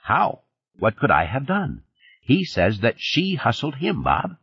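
A man's voice: medium pitch, huge pitch swings, a little slow, husky, pitched above the performer's own voice, full character voice. A man reading the part of an anxious, deferential male company lawyer who pleads and placates, in an audiobook. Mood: pleading. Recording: dull, dry studio recording.

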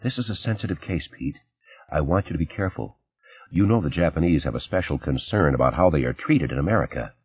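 A man doing a guarded, brisk press secretary. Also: a bass voice, expressive, slightly rough, dry recording, voice pushed down, exaggerated voice. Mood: guarded urgent. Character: brisk female press secretary, thirty-five. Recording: slightly dull, dry recording.

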